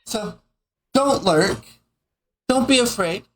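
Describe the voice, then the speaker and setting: A man's voice: extremely high pitch, expressive, slow pace, a bit bright, low-quality recording. A man co-hosting a casual podcast, easygoing and teasing, laughing along with his partner. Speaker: podcast co-host. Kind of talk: casual chat.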